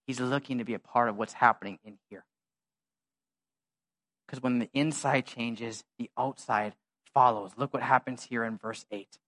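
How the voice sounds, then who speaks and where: A pastor preaching a sermon in a conversational, animated way, full of slang and asides. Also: male voice, mid-range voice, normal speed. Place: church.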